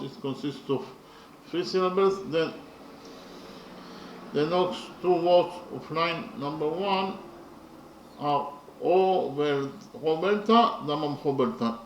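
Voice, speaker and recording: Slow gravelly man lecturing from afar. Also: a little high, highs cut off. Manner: deliberate, repetitive, with hesitant fillers. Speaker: literature lecturer. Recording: roomy, from a distance, faint noise.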